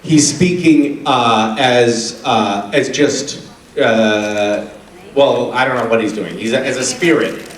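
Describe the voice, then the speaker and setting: A middle-aged man telling funny stories to a convention crowd, animated and often laughing. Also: slow pace. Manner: animated, laughing, drops into a deep gravelly put-on voice for quotes. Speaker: convention panel guest. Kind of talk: casual storytelling on stage. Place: convention hall stage. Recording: echoey hall, distant mic.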